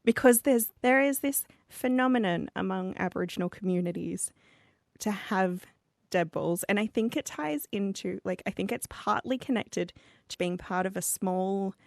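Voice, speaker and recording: A young woman co-hosting a podcast, telling stories in a chatty, animated way with lots of "like". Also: fairly low pitch, dry recording, clean studio sound. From Australia. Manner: chatty, animated storyteller with fillers like "like". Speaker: podcast co-host. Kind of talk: casual chat.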